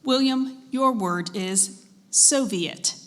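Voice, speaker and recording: A woman serving as pronouncer at a spelling bee, reading out words and dictionary definitions in a measured, deliberate way and prompting contestants politely. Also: a little high, a bit bright. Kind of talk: formal competition announcing. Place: school event hall.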